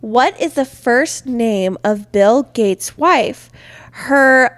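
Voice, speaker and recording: Lively young woman, teasing quizmaster. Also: on the high side, very slow. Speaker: podcast co-host. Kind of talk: casual chat.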